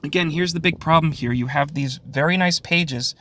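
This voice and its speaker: A man's voice: on the high side, moderate pace, pushed and bright, a little hiss or hum. A man giving a casual spoken review of a comic book, sarcastic, with frequent sighs, short laughs and fillers.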